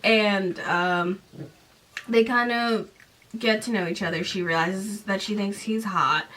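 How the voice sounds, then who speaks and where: A woman in her late twenties to thirties hosting a podcast, recapping a book in a casual way with sarcastic, animated, mocking asides. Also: medium pitch, slow, recorded from a distance. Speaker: podcast host.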